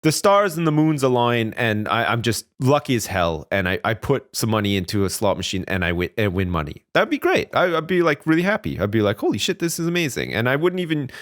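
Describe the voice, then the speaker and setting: A man's voice: mid-range voice, a little fast, hardly any pauses. A young man with a new baby, co-hosting a podcast in casual chat, playful and swearing freely. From United Kingdom. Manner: animated, swears, playful daydreaming. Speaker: podcast co-host.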